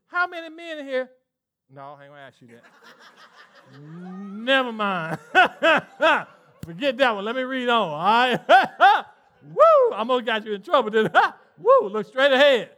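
A male pastor with a Southern US accent, preaching an animated sermon and acting out voices in call-and-response style. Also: very high voice, normal speed. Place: church sanctuary with congregation.

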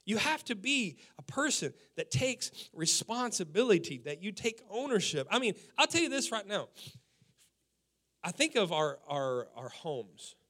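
A man preaching a sermon with animated storytelling and emphatic repetitions. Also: high voice, a little slow. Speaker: pastor.

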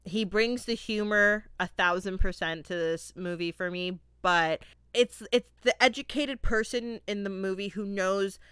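A young woman from Florida hosting a podcast, casually reviewing a movie with lively laughter and acted-out quotes. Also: mid-range voice, unhurried, smooth, no room sound, studio quality. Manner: animated, laughing, acts out quotes. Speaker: podcast host.

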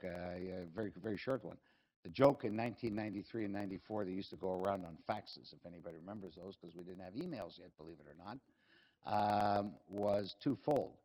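A man's voice: fairly low pitch, dark tone, rough recording. An older man, a company chief executive telling rambling, self-deprecating and humorous anecdotes at a live fireside chat.

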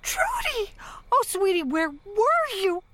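A woman's voice: extremely high pitch, wildly swooping pitch, takes it slowly, noisy background, full character voice. An actress playing a frantic mother who shrieks for her lost daughter, clipped from a show. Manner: shrieking, hysterical. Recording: loud music behind, from a show. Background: music.

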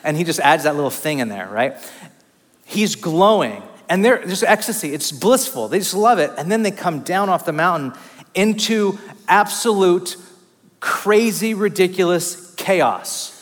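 Man, pastor, conversational sermon, lively self-deprecating storytelling, somewhat high voice, long hall reverb. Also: unhurried. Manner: animated, self-deprecating storyteller with many fillers.

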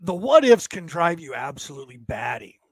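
A Californian livestream host reads chat and talks casually to viewers in a folksy, rambling way, often tagging sentences with "right?". His voice is on the high side, very animated and breathy, at a moderate pace with no room sound.

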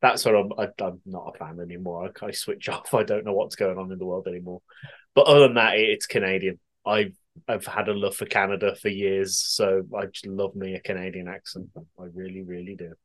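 A podcast host from the West Midlands, England, reads out listener answers in a casual chat. He is chatty and giggly, often laughing and swearing. His low voice moves briskly with fairly even intonation.

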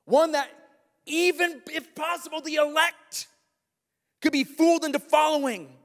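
A male pastor preaching a sermon, animated, with frequent rhetorical questions to the congregation. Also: very high voice, a little slow, long reverb tail.

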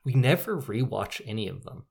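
Wry podcast co-host with lively pitch. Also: brisk, creaky. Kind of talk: casual movie discussion.

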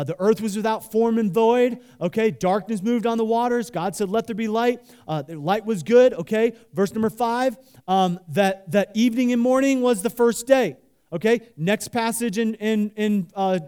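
A pastor preaching a sermon, animated, leading the congregation in call-and-response and talking loosely with many fillers and restarts. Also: male voice, high voice, clean tone.

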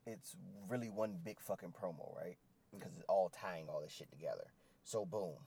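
A low-voiced man talking in a relaxed podcast style. His speech is loose and profane, and he slips into voices to act out the quotes as he recaps. It sounds like casual chat between friends. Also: normal speed, slightly rough. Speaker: co-host recapping wrestling.

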